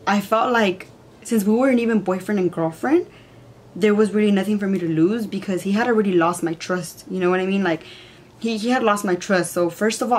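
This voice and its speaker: A woman's voice: mid-range voice, slight background noise. A young woman telling a story in a rambling way with lots of "like", in casual chat. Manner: rambling, says "like" a lot. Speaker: vlogger.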